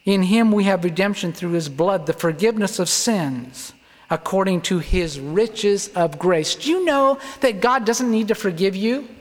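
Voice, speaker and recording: Earnest high-voiced male preacher. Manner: earnest, emphatic, slows down to stress words. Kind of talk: sermon-style Bible teaching. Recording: long hall reverb.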